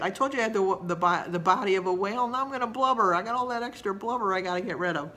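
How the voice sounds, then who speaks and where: A woman's voice: medium pitch, fast talker, a bit bright. Chatty woman in her sixties vlogging. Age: 60s. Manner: chatty, rambling, homey. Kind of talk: casual chat to camera.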